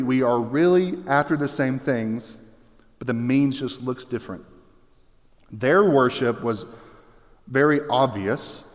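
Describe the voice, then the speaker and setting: A man delivering a sermon at a middle pitch, in an animated style full of jokey asides and acted-out voices. He speaks in a church sanctuary, and his voice carries a long reverb from the hall. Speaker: pastor.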